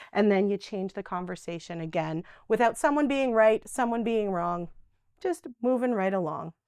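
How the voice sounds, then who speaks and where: Lively woman teaching a dementia workshop. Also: a little high, no echo, clean studio sound. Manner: lively, acts out quoted voices. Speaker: dementia educator. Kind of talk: live workshop talk. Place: workshop room.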